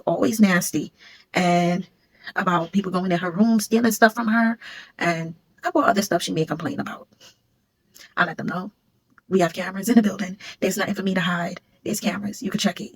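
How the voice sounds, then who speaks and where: A woman's voice: lowish voice, slightly rough, poor audio. A woman telling a story in a blunt, emphatic, conversational way. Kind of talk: casual storytime.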